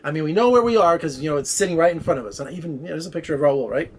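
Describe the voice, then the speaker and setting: A man talking quickly and with energy, telling a rambling story. His voice sits a little high, and he slips into the voices of the people he talks about. A faint hiss runs under the recording. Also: animated. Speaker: film critic vlogger. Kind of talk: casual storytelling. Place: Las Vegas area.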